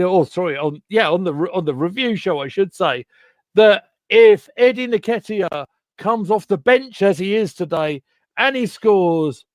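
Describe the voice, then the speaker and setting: Man, host, casual chat stream, excitable, stumbling restarts, high pitch, dry. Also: no room sound. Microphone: home computer mic on a video call.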